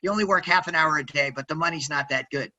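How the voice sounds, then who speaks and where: A quirky man in his sixties talking with big, loud energy as a podcast guest. His voice sits high for a man and rings bright and forceful, and he keeps checking in with "right?". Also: fast, lo-fi sound. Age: 60s. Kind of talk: energetic interview storytelling.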